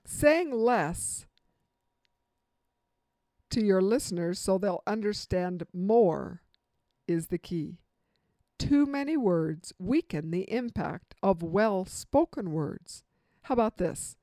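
A woman's voice: mid-range voice, lively intonation, slow, pauses often, warm tone, no room sound. A woman giving an instructional talk on communication, quizzing the listener with multiple-choice examples and a light touch of humor.

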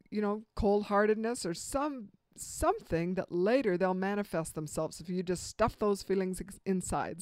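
A woman giving a motivational talk on communication, earnest and expressive, voicing quotes with strong emphasis. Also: medium pitch, dry recording. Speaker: motivational speaker.

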